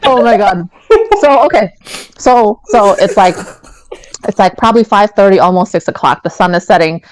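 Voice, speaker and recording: A woman co-hosting a podcast, telling an animated, profane story in casual chat. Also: medium pitch, moderate pace, low-quality recording. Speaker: podcast co-host.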